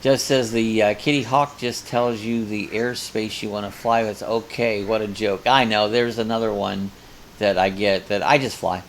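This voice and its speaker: A man's voice: fairly low pitch, steady tone, normal speed, slight background noise. An older man hosting a live coffee chat, casually reading viewer comments aloud and rambling between them.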